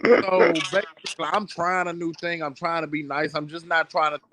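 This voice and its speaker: A man with a bright, tense, somewhat high voice talks brashly and loudly in slang. He comes through an online call, with a faint hiss behind him. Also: fairly even intonation, a little fast. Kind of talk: casual online group chat. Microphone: online call with dropouts.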